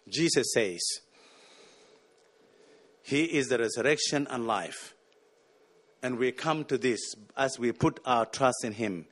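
A man's voice: medium pitch, a little slow, pauses often, breathy edge. A man preaching a sermon, emphatic and repeating words as he searches for them.

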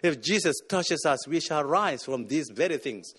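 A man's voice: on the high side, expressive, moderate pace, fairly bright tone, husky. A man preaching a sermon, emphatic and repeating words as he searches for them.

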